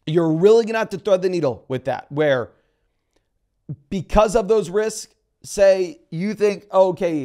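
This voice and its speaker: A man giving a casual solo breakdown of dynasty fantasy football, talking through trade advice with quick restarts. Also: high voice, a little mellow. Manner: fast, conversational, restarts sentences.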